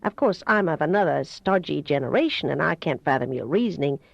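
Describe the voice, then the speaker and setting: Woman reading a soft-spoken Southern doctor. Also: low-pitched, fairly quick, creaky, no echo, full character voice. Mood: coaxing. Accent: slight Southern US. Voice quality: soft, melodious, hypnotic. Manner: calm, coaxing, gently teasing. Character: kind older male doctor, gentle and persuasive. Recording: dull, dry home recording.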